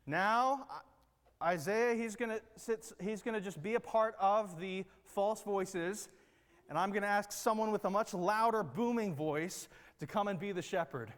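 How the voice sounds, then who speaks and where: A man speaks in an unhurried, high-pitched voice, leading children through a church group activity with upbeat, persuasive instructions and regular checks for understanding. He's in a large room with a platform, and the sound echoes with a big hall's long reverb.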